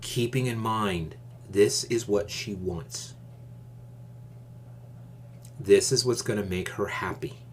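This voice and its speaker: A man hosting his own channel, giving advice in a calm, measured, deliberate casual monologue. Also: lowish voice, slight background noise.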